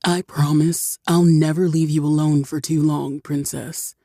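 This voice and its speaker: Woman voicing a smug, soft-spoken dragon man. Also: little pitch movement, no room sound, clean studio sound. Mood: tender. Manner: low, slow, quiet teasing delivery. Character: somber teasing male dragon lover, calm and smug.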